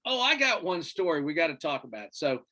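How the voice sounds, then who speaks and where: A man's voice: on the high side, very animated, a little fast, bright, forceful tone. A man co-hosting a casual sports chat show, rambling through stories and searching for names with fillers. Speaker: podcast co-host.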